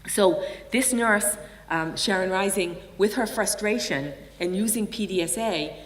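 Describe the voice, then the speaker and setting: A woman's voice: mid-range voice, unhurried. An older woman from the United States giving a conference keynote, telling stories and acting out the voices of the people in them. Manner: animated storyteller acting out quoted voices. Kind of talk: storytelling keynote talk. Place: large conference hall. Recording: distant mic in a reverberant hall.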